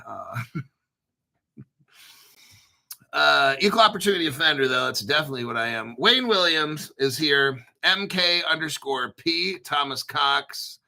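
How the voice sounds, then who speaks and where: A foul-mouthed man in his fifties hosting a crypto livestream with a rambling, ranting delivery. His voice is somewhat high for a man and has a piercingly bright, tense edge. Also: gravelly. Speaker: crypto channel host. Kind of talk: profane livestream rant.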